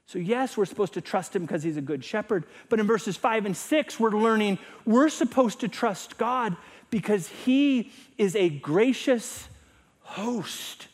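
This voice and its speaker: Here a middle-aged pastor gives a sermon with a high, animated voice at a slightly slow pace. His delivery shifts between booming emphasis and soft, near-whispered phrases.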